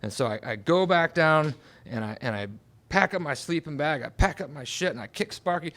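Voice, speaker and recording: A man with a slightly raised pitch tells a true story before a live audience in a restaurant. He swings between hushed asides and loud, dramatic bursts as he builds it up. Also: lively intonation, brisk.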